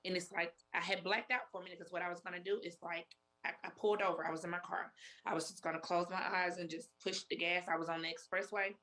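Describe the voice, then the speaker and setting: A woman's voice: on the low side, flat delivery, fast, sharp tone. A woman in her forties telling her personal story as an interview guest, emotional, repeating herself as she quotes past conversations. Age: 40s. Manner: emotional, retells talks in quotes with many repeats.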